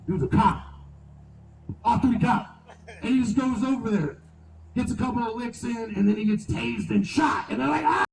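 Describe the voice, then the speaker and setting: A man's voice: extremely high pitch, a little fast, gravelly, long pauses, roomy sound, far from the mic, background noise. A man performing a live stand-up set outdoors, crude and profane, telling stories with lots of swearing. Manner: crude, profane, animated storytelling. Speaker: stand-up comedian. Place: outdoor show venue.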